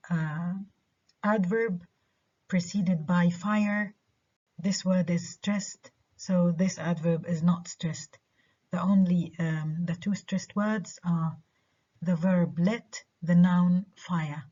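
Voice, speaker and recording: A university lecturer, a woman with a Levantine Arabic accent, talks through her material in a low, husky voice, slowly repeating each example phrase and slipping between English and Arabic. The recording sounds dull and muffled, like a lo-fi lecture capture. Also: dark tone. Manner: switches between English and Arabic, slow careful repetition of examples.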